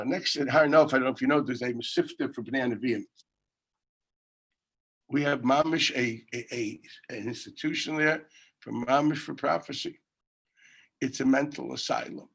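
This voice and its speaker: Animated rabbi, lively Talmud class. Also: male voice, medium pitch. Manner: animated, storytelling with sudden shouted quotes and laughs. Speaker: yeshiva rabbi teaching Talmud. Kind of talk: informal Talmud class with storytelling. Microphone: teaching over a video call.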